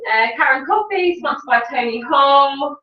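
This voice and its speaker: A woman presenting team recognitions at a sales meeting, bubbly and quick to laugh. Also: high voice, lively intonation. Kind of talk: announcing awards at a meeting. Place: training room with audience. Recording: distant echoey room mic, dull.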